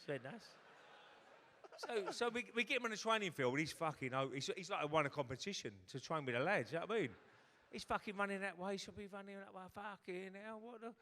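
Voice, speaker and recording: Bright, sweary middle-aged storyteller. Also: male voice, fairly high pitch. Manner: swearing, quick punchlines, acts out voices. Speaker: guest storyteller. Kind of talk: comic anecdote on stage. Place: hotel ballroom stage. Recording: hall reverb at a live event.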